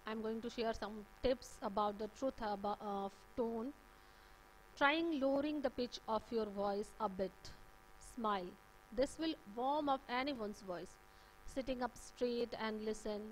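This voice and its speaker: A woman's voice: on the high side, a little slow, slight background noise, poor audio. A woman with an Indian English accent giving a classroom lecture, explaining points with many "uh"s and "okay" checks. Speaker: teacher. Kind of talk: classroom lecture on communication skills.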